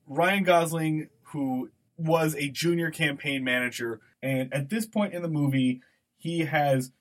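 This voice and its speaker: A man co-hosting a podcast, talking through a film scene in an animated, digressive way. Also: medium pitch. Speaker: podcast co-host. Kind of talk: conversational podcast discussion.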